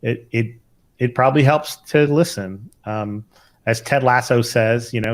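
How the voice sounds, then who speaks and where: A man's voice: mid-range voice, unhurried. A middle-aged man, an emergency physician co-hosting a casual podcast, talking thoughtfully with lots of fillers and restarts.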